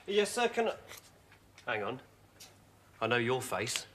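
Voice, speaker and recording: A man's voice: mid-range voice, big pitch swings, a little slow, background noise. A man performing sketch comedy as a pushy, ranting shopkeeper.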